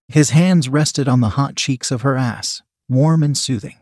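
A man narrating an erotic audiobook in a steady, even storytelling read. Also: mid-range voice, unhurried, hardly any pauses, no echo, clean studio sound.

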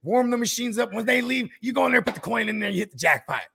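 A man hosts a casual podcast chat in a high, gravelly voice. He tells the story in a profane, animated way and acts out each quote. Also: fast. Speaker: podcast host.

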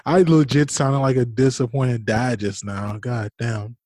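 A man's voice: mid-range voice, fairly even intonation, moderate pace, a little mellow, no echo, studio quality. A young man co-hosting a podcast about movies, playful and self-deprecating in casual chat. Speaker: podcast co-host.

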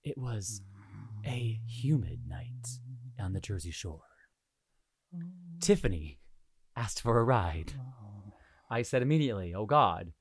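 A man's voice: lowish voice, expressive, slow, long pauses, darkish tone, slightly rough, dry recording. A young man from Hawaii hosting a casual podcast, telling a story in a jokey, profane way. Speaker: podcast host.

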